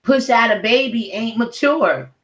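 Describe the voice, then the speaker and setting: A woman's voice: fairly high pitch, expressive, a little slow, a bit bright. A middle-aged woman ranting at home in a blunt, profane, heated commentary video. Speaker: commentary vlogger. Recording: roomy echo.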